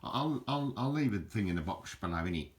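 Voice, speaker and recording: A man hosting a casual home video, talking in a halting, rambling way with many restarts and self-mocking jokes. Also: lowish voice, lively intonation. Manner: drops into mock Aussie slang for fun. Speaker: video host showing an object. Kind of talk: casual rambling show-and-tell. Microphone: handheld camera, filming one-handed.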